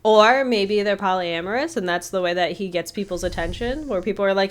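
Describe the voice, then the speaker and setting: A woman's voice: medium pitch, a little fast, few pauses. A woman co-hosting a casual podcast chat, acting out the people in her stories. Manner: animated storyteller acting out quotes. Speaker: podcast co-host.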